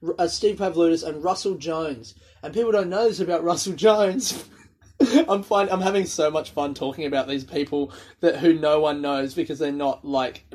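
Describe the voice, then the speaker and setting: A man's voice: a little high, a little mellow. A man, telling rambling, sweary stories on his own and laughing at his own jokes. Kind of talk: casual solo storytelling.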